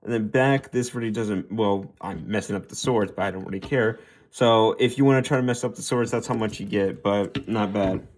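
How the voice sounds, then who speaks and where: A man's voice: lowish voice, darkish tone. A young man casually reviewing action figures, rambling and stuttering as he repeats himself while posing them. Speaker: toy reviewer.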